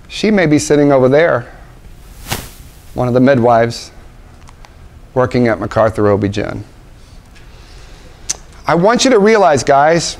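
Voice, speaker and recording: In a conference room before an audience of young parents, a male obstetrician gives a forceful motivational talk, repeating himself and posing rhetorical questions. His voice is a little high.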